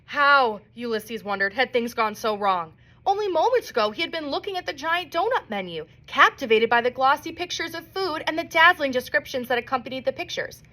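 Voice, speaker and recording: A woman reads a children's novel aloud with expressive storybook delivery. Her voice is bright and fairly high, swinging animatedly up and down as she reads. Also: a little fast. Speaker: reader.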